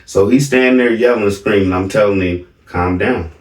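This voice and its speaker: A man's voice: lowish voice, fairly quick, far from the mic. A middle-aged man casually telling a family story to his viewers, emphatic and often asking "right?". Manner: emphatic, keeps checking in with "right?". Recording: roomy, from off the mic.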